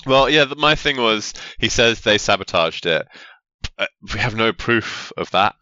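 A man's voice: on the low side, expressive, moderate pace, sharp tone, smooth, no echo, lo-fi sound. A man co-hosting a podcast, chatting casually and sardonically about a film and swearing freely. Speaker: podcast co-host. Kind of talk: casual film-review chat.

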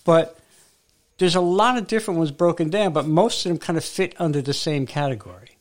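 A man's voice: on the high side, brisk. A man co-hosting a podcast, telling stories in casual, rambling chat with frequent restarts. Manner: rambling, self-interrupting storyteller. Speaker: podcast co-host.

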